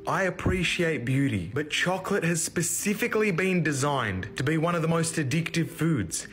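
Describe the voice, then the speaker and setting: A man's voice: a little high, animated, moderate pace, a bit bright, faint music behind. Preachy Australian man lecturing. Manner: lecturing, blunt and crude. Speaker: TikTok health lecturer. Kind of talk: preachy social-media monologue.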